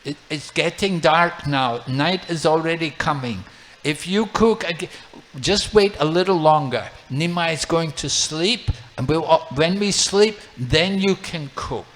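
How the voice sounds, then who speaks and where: Apologetic parents plead and soothe in slow, earnest bursts, as a male storyteller puts them on. The voice sits a little high and keeps begging. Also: a bit bright. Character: apologetic pleading father and mother.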